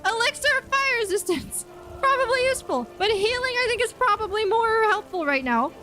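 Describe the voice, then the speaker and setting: A woman streaming a game, chatting casually and excitably, yelping and laughing as she plays. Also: extremely high pitch, brisk, soft background music. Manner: chatty and excitable, yelps and laughs while playing. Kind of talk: casual gaming commentary.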